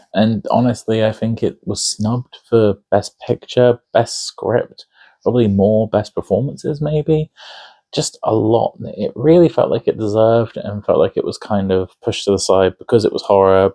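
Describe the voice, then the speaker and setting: Guy doing a casual movie rundown, mellow low voice, chatty with lots of asides. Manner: chatty, enthusiastic, frequent fillers and asides. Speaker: film review video host. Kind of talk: casual opinionated film commentary.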